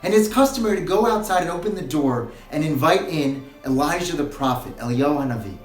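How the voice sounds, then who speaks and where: A man's voice: fairly high pitch, animated, a little fast. A man giving a short recorded sermon as a rabbi, earnest and building to impassioned, pleading questions. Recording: roomy echo, faint music.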